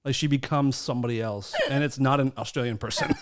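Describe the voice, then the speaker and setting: A man hosting a casual podcast chat, teasing his co-host with loud, mocking bursts. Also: mid-range voice, fairly even intonation, quick pace.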